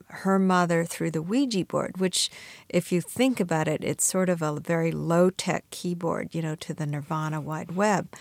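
A middle-aged woman speaks low, with a gravelly edge to her voice. She tells reflective stories as an interview guest, now and then taking on the voices of the people she quotes. The sound is dry and close to the mic. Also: no room sound. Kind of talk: radio interview conversation.

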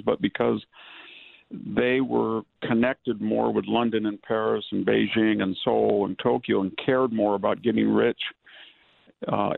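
An older man, a historian and author, giving measured, analytical answers in a political interview from rural California. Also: lowish voice, gravelly, no echo. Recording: dry phone-line audio.

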